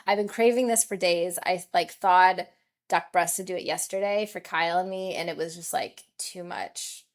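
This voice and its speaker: A woman co-hosting a podcast, chatting casually and telling stories in an animated, talkative way. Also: on the low side, normal speed. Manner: chatty, animated storytelling with laughs. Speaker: podcast co-host. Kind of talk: casual chat.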